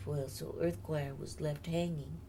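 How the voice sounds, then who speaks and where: A woman's voice: deep voice, steady tone, unhurried, background noise. An older woman, a singer, telling her life story in a candid, chatty interview and laughing often.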